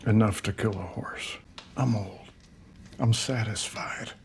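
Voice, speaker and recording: An older survivalist man in a TV drama, gruff and self-reliant. His voice sits very low, and he talks slowly in a hushed, halting way. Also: a little hiss or hum. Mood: hushed devotion. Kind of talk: TV drama dialogue.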